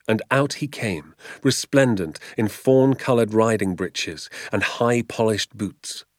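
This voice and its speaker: A man narrating a children's novel aloud in a measured, expressive storytelling manner. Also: lowish voice, no room sound, studio quality. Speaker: audiobook narrator. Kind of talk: storybook reading.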